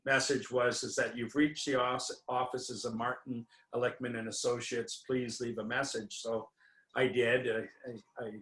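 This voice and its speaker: In a roomy, echoing recording, a man who owns a winery shares a meandering story as a guest in an interview, stumbling through fillers and restarts. His pitch is medium and his tone a bit bright.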